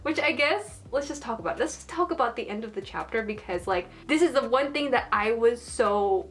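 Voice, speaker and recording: Gushing high-voiced woman fan. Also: animated, brisk, fairly bright tone, faint music behind. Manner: gushing and emotional, filler-heavy. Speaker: manga fan reviewer. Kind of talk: casual fan chat.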